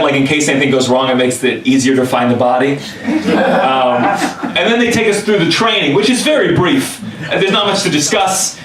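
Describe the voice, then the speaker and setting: A male comedian telling a story on stage, animated and exaggerated, sometimes shouting. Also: a little high. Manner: animated, exaggerated quoted voices, bursts of shouting. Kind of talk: stand-up storytelling. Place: club stage with a laughing audience. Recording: echoey room, mic from a distance, crowd laughter.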